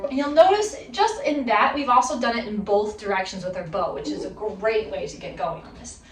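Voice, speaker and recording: A woman's voice: medium pitch, animated, brisk, soft background music. A woman in her thirties giving a fiddle lesson, upbeat and encouraging, who counts the student in before playing. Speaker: fiddle teacher. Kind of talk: instructional video lesson. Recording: roomy sound from a distance. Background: her violin playing between phrases.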